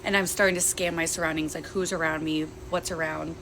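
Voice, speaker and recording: A young woman telling a frightening personal story in a tense, fast retelling that acts out the quotes. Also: low voice, steady tone, noisy background. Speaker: guest. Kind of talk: casual storytelling.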